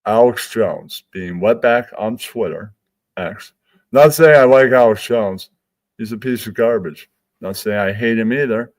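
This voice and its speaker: A man's voice: lowish voice, unhurried. Rambling crude man hosting a stream. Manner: rambling, crude, self-amused. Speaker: stream host. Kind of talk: casual comedic monologue.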